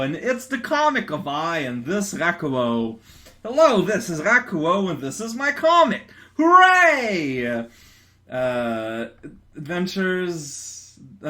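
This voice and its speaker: A young man rambling playfully through casual gaming commentary, often stammering and restarting his sentences. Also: fairly high pitch. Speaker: let's player. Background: faint game music.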